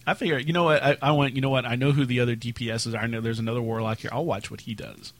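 Husky-voiced joking man. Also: steady tone, racing. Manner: jokey, does squeaky character yells. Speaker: podcast co-host. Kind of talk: casual gaming podcast chat.

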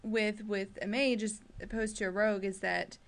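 A woman's voice: mid-range voice, steady tone, normal speed. A woman co-hosting a casual gaming podcast, dry and matter-of-fact, with a light teasing edge. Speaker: podcast co-host.

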